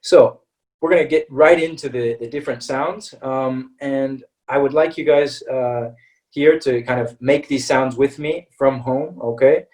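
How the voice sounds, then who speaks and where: An American man of middling pitch teaches pronunciation in an online class. He stretches each vowel slowly and keeps asking "okay?" to check that the class is following. His voice comes from a little way back from the microphone, as on a laptop call. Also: a little mellow, recorded from a distance, poor audio. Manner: patient, checks in with "okay?" after nearly every phrase; slows down to model vowel sounds. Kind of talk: webinar lesson.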